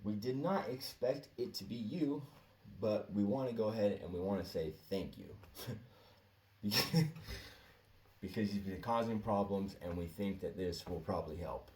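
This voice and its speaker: A man's voice: on the low side, a little slow, darkish tone, distant mic, slight background noise, close to an everyday voice. A man voicing an amused, chuckling female manager. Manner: chuckling, friendly. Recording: echoey room, off-mic, faint ambience.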